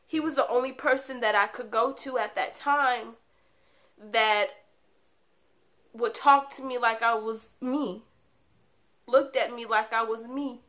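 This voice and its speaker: A woman's voice: on the high side, a bit bright. A young woman vlogger telling a painful personal story to camera in a candid, confiding way, with laughs breaking in between the sad parts.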